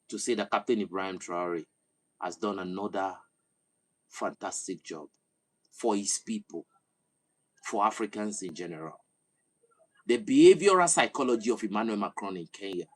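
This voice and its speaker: Speaking to camera with a Nigerian accent, a man from Nigeria delivers passionate political commentary that builds into loud, emphatic oratory. His voice is on the low side with lively intonation, and he keeps a moderate pace with frequent pauses.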